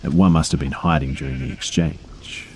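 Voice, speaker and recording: A man with an extremely deep, dark voice reads creepy true stories in a relaxed, conversational way. He drops in casual fillers and the odd swear word. His narration comes over a faint hiss of background noise. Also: moderate pace. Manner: low-key, conversational storytelling with fillers and profanity.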